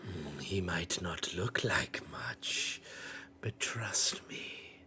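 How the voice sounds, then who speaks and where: A man voicing a sly creature that talks in a slow, hushed whisper. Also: low-pitched, expressive, faint music behind, voice pushed down, exaggerated voice.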